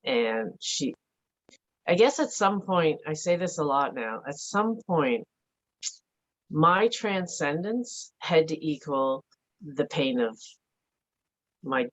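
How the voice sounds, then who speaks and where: Low-voiced, reflective middle-aged woman. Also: lively intonation, slow, long pauses. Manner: earnest, reflective, frequent "like" fillers. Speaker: interview guest. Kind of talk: candid conversational interview. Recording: dull lo-fi audio.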